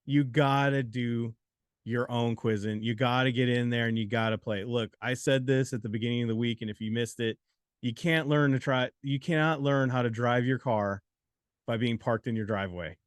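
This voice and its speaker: A man of middle pitch co-hosting a live study stream. He jokes with his co-host and the chat, then wraps up each point in plain, encouraging words. The recording is dry and close. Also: steady tone, normal speed, clear, resonant tone, dry recording. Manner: joking, encouraging, sums up the teaching point. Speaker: exam prep co-host.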